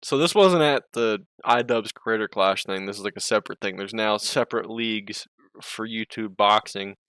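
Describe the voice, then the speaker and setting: A man's voice: on the low side, normal speed, a bit bright, smooth, no echo, clean studio sound. A man streaming and chatting casually, rambling, interrupting himself, swearing and laughing often.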